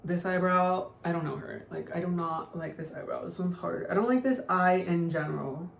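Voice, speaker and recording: In a lowish, creaky voice at a moderate pace, a young woman beauty vlogger chats her way through a makeup tutorial. Her talk is full of "like" fillers and offhand remarks, recorded in an echoey room with faint noise.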